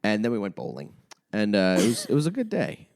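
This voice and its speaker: Young male comic guest, low voice, swings up and down a lot, swears freely, casual chat. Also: fairly quick. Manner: swears a lot, animated storytelling. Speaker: podcast guest, comedian.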